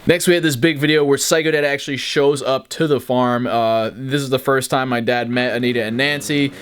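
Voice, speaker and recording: A man's voice: mid-range voice, a little fast, clean tone. Casual swearing young YouTuber guy. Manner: casual, profane, animated retellings. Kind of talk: behind-the-scenes commentary.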